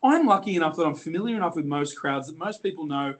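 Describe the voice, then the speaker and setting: A confident middle-aged man, an auctioneer telling lively, joking stories in an interview. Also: fairly high pitch, fast talker. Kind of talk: storytelling in an interview.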